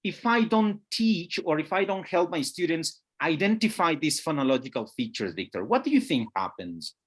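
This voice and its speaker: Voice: mid-range voice, sing-song, moderate pace, husky. A teacher trainer leading an online webinar, patiently checking that participants follow. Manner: patient, checks understanding, often says "guys". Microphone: video call.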